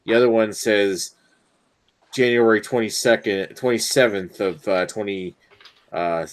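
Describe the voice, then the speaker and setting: A man with a fairly low voice talks about beer in a loose, boozy chat with friends. He rambles, hesitates over his words and swears now and then. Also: fairly even intonation, a little slow. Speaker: beer reviewer co-host. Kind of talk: casual drinking chat.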